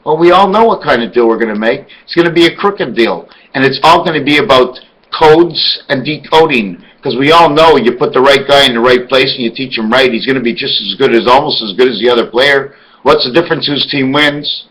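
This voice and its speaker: A man's voice: medium pitch, brisk, a bit bright, low-quality recording. A man delivering an emphatic, rambling monologue full of rhetorical questions. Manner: spells words out letter by letter. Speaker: video blogger.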